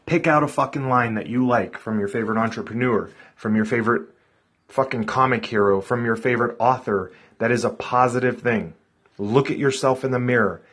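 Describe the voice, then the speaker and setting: Male vlogger, husky mid-pitched voice, blunt and profane motivational delivery. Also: a little fast, a bit bright. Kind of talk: casual motivational talk to camera.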